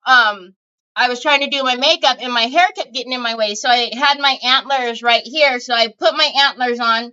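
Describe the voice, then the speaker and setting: A woman's voice: fairly high pitch, normal speed, bright, forceful tone, clear, resonant tone, muffled recording. A woman hosting a casual craft livestream, chatty and giggly, greeting viewers by name as she talks into her phone at home.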